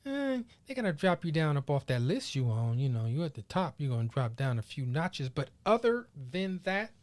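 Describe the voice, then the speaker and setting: A man hosting his own podcast solo, chatting casually in animated, slangy riffs. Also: a little high, fairly quick. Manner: animated, slangy, playful riffing. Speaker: podcast host.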